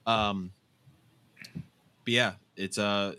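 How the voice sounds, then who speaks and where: Lowish-voiced man in heartfelt rambling chat. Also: fairly even intonation, drawn-out words, sharp tone, smooth. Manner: heartfelt, rambling, swears freely. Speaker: podcast co-host. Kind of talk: casual chat.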